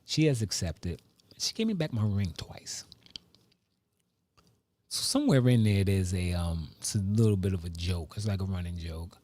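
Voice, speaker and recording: A man and father telling family stories in a casual vlog, animated, with sudden pitch jumps and hushed asides. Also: normal speed, no echo. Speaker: vlogger. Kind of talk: casual storytelling monologue.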